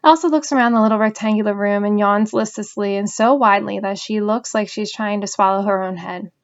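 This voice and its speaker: A woman reading a novel aloud in an even storytelling manner. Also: medium pitch, fairly quick, smooth, muffled recording. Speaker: audiobook reader.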